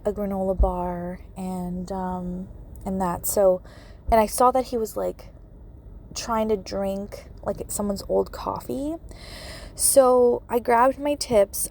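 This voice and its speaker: A woman's voice: mid-range voice, vocal fry, darkish tone, slight background noise. A woman hosting a podcast, telling a personal story with many fillers and laughing through tears. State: tearful. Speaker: podcast host, medium.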